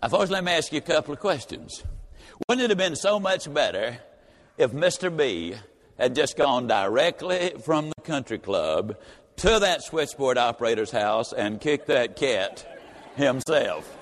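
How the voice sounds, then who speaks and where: A man's voice: medium pitch, lively intonation, unhurried, a little hiss or hum. A man giving a folksy, emphatic motivational speech told as a story. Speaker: motivational speaker. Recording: reverberant hall.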